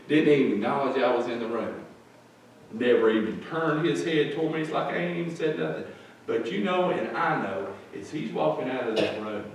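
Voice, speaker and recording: Pastor preaching in an echoey church. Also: male voice, mid-range voice, animated, a little fast, far from the mic, a little hiss or hum. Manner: plain-spoken, folksy storytelling. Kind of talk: sermon. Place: church sanctuary.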